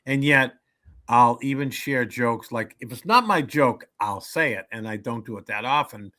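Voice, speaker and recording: A man in his seventies chatting as a comedian guest in an interview. He tells jokes with animated delivery, putting on little voices for the people in them. His voice is bright and forceful. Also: mid-range voice, normal speed. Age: 70s. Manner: animated joke-telling, acts out voices. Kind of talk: casual interview storytelling.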